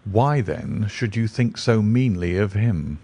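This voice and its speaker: A man reading the lines of a calm, clever male detective in a measured, assured way. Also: fairly low pitch, no room sound, heavily acted.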